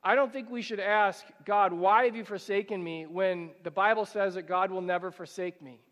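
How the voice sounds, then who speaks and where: A male pastor preaching a sermon, asking rhetorical questions and slowing down and rising in pitch when he reads scripture. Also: fairly even intonation, a bit bright. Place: church sanctuary. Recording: church hall with long reverb.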